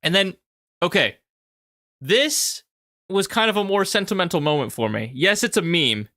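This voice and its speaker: A young man talking casually about his own video as a commentator, animated and rambling, with frequent restarts. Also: sits high, normal speed, dry recording, clean studio sound. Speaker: YouTube commentator.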